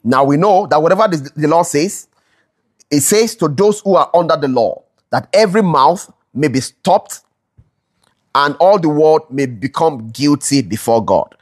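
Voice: medium pitch, expressive, a little slow. A Bible study teacher who explains scripture, asks rhetorical questions, repeats them for emphasis, and keeps checking in with listeners. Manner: checks in with listeners, keeps asking "all right?"; corrects themselves mid-sentence.

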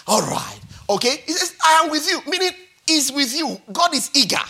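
A man in his forties preaching a sermon as pastor, animated and repetitive, often checking in with the congregation. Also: extremely high pitch, normal speed. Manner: animated, repetitive, peppered with "all right?" and "hallelujah".

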